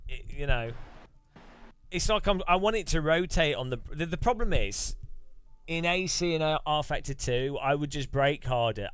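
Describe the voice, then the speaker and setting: A man's voice: medium pitch, a bit bright, clear, resonant tone. A man chatting casually about sim racing as he plays, rambling with chuckles and restarts. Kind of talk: casual gaming chat.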